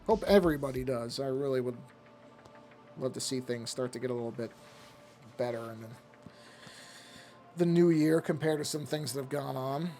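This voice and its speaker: A man's voice: medium pitch, normal speed, vocal fry, long pauses, mellow, soft background music. A man streaming live while drawing, chatting casually and rambling from one thought to the next, talking to himself as he works. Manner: rambling, self-talk, easily sidetracked.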